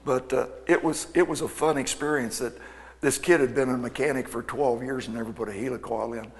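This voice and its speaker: A folksy man spins a lively shop story for a crowd, jumping into the voices of the people in it. His voice sits at an ordinary pitch, and it rings out with a long hall reverb. He sounds like a practiced speaker at an event. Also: a little fast. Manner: folksy, animated anecdote-telling with quoted dialogue. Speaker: aircraft mechanic and speaker. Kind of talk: storytelling talk to an audience.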